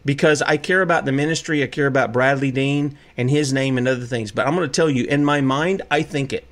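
Impassioned man hosting talk radio. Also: on the high side. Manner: impassioned, preachy, rhetorical questions. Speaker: radio talk show host. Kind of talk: opinionated call-in radio talk.

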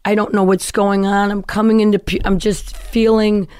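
A woman's voice: mid-range voice, flat delivery, moderate pace, mellow, clean tone, no room sound. A woman comedian telling her life story as a guest, chatty and self-mocking. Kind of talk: candid storytelling interview.

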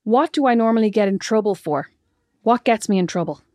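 Animated woman, teasing chat. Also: medium pitch, a little fast, dry recording, studio quality. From Ireland. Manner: teasing, animated, laughs often. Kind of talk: casual chat between sisters.

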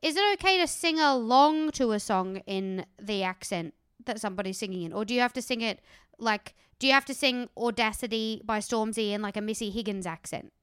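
An Australian woman talking in a chatty, rambling way that is peppered with casual swearing. Her voice is bright and clean, slightly high. It is recorded close and dry, with no room sound. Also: a little fast, clear, resonant tone, no room sound. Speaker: comedian guest. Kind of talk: casual chat.

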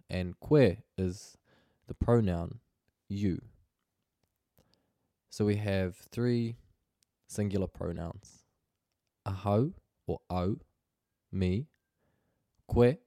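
A man's voice: low-pitched, mellow, no room sound, clean studio sound. A man teaching a Māori language lesson, explaining phrases patiently and pronouncing them carefully.

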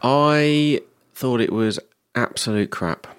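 A man's voice: mid-range voice, takes it slowly, clear, resonant tone. A man on a casual film podcast, giving blunt and dismissive opinions. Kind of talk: casual chat.

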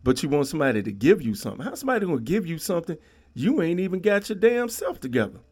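A man's voice: on the high side, sing-song, very fast, a little mellow, husky. A middle-aged man hosting a solo podcast, ranting in a blunt, preachy way and leaning on "man" and "yo". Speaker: podcast host.

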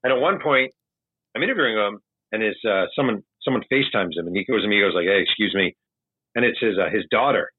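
A man, an author, telling animated stories in casual chat and acting out the people he quotes. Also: on the low side, fast, breathy edge, no room sound. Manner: animated anecdotal storyteller, acts out quotes. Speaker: author guest. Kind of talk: casual storytelling. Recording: dry tinny call audio.

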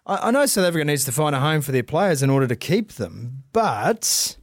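Animated ranting man, fairly high voice. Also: a little fast, no echo, studio quality. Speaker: podcast co-host. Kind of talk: casual sports chat. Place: podcast studio.

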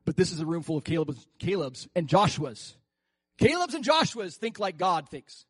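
A male preacher with a high, lively voice that swings widely as he acts out quoted voices and breaks into laughter. The sound is dry and close, with no room in it. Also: normal speed, husky, no room sound. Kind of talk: sermon.

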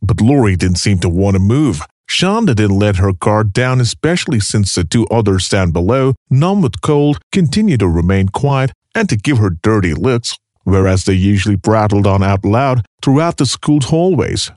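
A man narrating a dark true story in an expressive, dramatic reading. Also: lowish voice, moderate pace, hardly any pauses, dry recording, studio quality.

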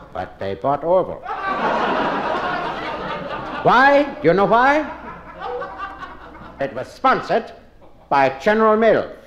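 A man's voice: sits high, a little hiss or hum, pitched above the performer's own voice, heavily acted. A man voicing an eccentric, rambling German rocket scientist with a put-on German accent in a stand-up character bit. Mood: smug. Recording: dull lo-fi archive recording with live audience.

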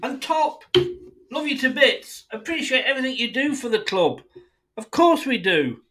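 A man's voice: very high-pitched, sing-song, moderate pace, sharp tone, low-quality recording. A man hosting a football fan podcast, delivering an indignant, sweary solo rant addressed straight at his club's owners.

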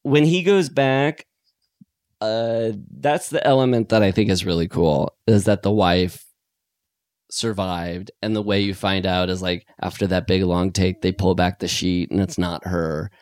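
A man with a lowish voice co-hosts a podcast in easygoing chat. He gets animated and laughs a lot as he talks. His voice is recorded close and dry, with no room sound. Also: unhurried, dry recording. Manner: animated, laughing, acting out lines in put-on voices. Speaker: podcast co-host. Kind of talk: casual chat.

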